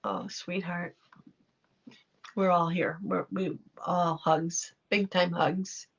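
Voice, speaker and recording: A woman's voice: lowish voice, fairly even intonation, slow pace, vocal fry, slightly rough. A middle-aged woman hosting a livestream, chatting casually and affectionately as she reacts to viewer comments. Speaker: livestream host reading chat. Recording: dull lo-fi livestream audio.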